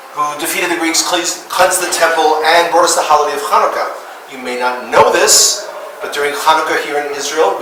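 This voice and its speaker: A man with a New York accent leads a tour, joking and telling history with bounce. His voice sits fairly high. The recording is very echoey, with the mic set back from him and steady noise underneath. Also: far from the mic. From New York City. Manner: jokey, lively storytelling. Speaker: tour guide. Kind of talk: guided tour talk.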